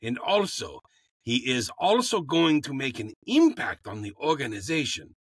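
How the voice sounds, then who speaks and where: A man's voice: mid-range voice, very animated, moderate pace, slightly rough, dry recording, clean studio sound, pitched below the performer's own voice. A man voicing a dutiful male recruiter who answers his boss in an earnest, deferential tone.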